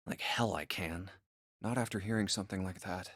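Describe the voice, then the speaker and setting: An actor voicing a wary young male video game hero who speaks tensely and quickly, with a dry, close sound. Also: low voice, fairly bright tone, slightly rough, no room sound.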